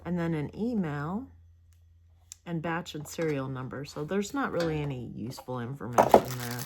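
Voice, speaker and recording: A woman's voice: sits low, lively intonation, normal speed, heavy background noise. A woman hosting a crafting video, rambling chattily about a kit with many hesitations while yawning and sleepy. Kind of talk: casual product review chat.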